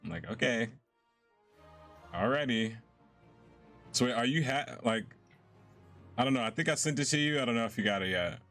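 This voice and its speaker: A man's voice: mid-range voice, expressive, moderate pace, long pauses, a bit bright. A young man chatting casually and laughing often while he streams a game. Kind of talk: casual live-stream chat while gaming. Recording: faint game music behind.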